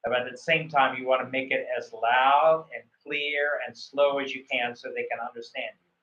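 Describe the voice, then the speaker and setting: A man's voice: mid-range voice, steady tone, normal speed, pushed and bright. A man coaching students for a visa interview, rambling with many fillers and restarts. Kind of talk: coaching on a call. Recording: echoey, muffled room sound.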